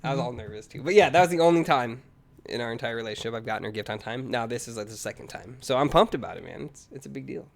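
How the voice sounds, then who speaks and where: A man in his thirties co-hosts a casual podcast, rattling off a long personal story at a quick clip. He rambles, trips over his own restarts and piles on fillers. He chuckles at himself as he goes. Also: medium pitch, lively intonation, creaky. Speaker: podcast co-host.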